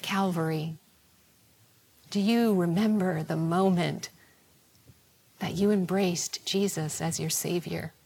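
Slow, gravelly woman preacher. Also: on the low side, fairly even intonation, darkish tone. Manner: slow, reflective, prayerful preaching that sinks toward a whisper. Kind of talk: sermon.

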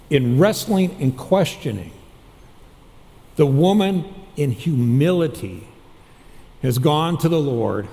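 Animated preaching man in a reverberant hall. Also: on the high side, slow, creaky. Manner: questioning the congregation, animated. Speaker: chaplain preaching. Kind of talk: sermon.

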